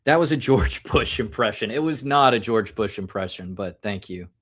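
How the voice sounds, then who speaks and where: A man's voice: on the low side, expressive, normal speed, a bit bright. An American man rambles through a live stream, cracking jokes at his own expense. His talk is loose and casual, like someone having a drink on air. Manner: joking, rambling, self-mocking.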